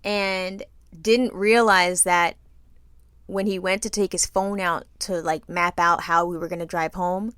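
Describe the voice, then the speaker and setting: Woman podcast co-host, bright voice, animated storytelling, dry close sound. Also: on the low side, measured pace, smooth, dry recording. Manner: swears casually. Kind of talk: casual storytelling chat.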